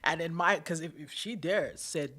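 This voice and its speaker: Bright-voiced woman from Nigeria, chatty guest. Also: sits low, normal speed. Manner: warm, laughs often, repeats words as she talks. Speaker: guest, community builder. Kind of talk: conversational interview.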